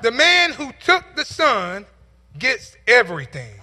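A man's voice: extremely high pitch, huge pitch swings, slow, sharp tone, long reverb tail. A male pastor telling a story in a sermon, building to emphatic, repeated calls.

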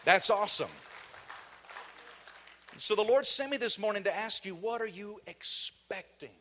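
A man with a Southern US accent preaching an energetic sermon as guest preacher, calling out to the congregation. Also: high voice, measured pace, some chatter behind, a little hiss or hum. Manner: fiery, shouting call-and-response with the congregation. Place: church sanctuary.

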